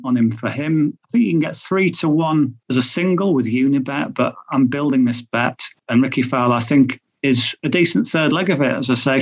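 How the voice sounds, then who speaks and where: A man's voice: medium pitch, lo-fi sound. A man giving betting tips on a podcast, chatty and thinking aloud with restarts. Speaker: betting tipster. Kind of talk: podcast chat.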